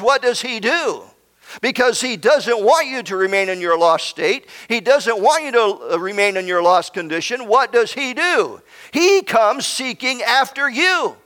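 A male pastor with a high voice delivers a slow, deliberate sermon. He preaches with swings from ringing emphasis to quiet, hushed asides. The sound carries a long reverb, as if recorded in a large church sanctuary. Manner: preachy, rising to emphatic shouts then dropping to near whispers.

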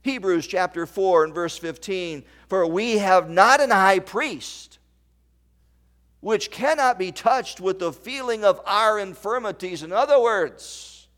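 A male pastor delivering a sermon in an unhurried, measured cadence. His voice sits a little high, and he quotes old-style scripture, swinging between soft near-whispers and ringing emphasis. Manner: quoting King James scripture.

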